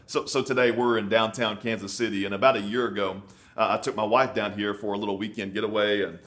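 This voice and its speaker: A man's voice: lowish voice, flat delivery, fast, fairly bright tone. A man in his thirties preaching a sermon in an emphatic, conversational way, often repeating words for stress. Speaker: pastor. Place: on location in a city.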